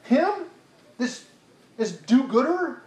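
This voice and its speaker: A man's voice: extremely high pitch, very animated, slow pace, pitched above the performer's own voice, heavily acted. A man voicing a resentful, jealous biblical man in a whiny, indignant rant. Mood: jealous sulking. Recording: roomy echo, faint background hiss.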